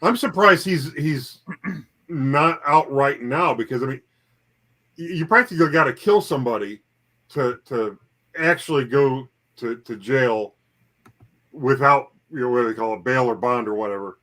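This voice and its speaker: A man chatting as a guest on a livestream, halting and repeating words, with dry humor. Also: medium pitch, fairly bright tone. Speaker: guest reseller. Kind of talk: casual livestream chat.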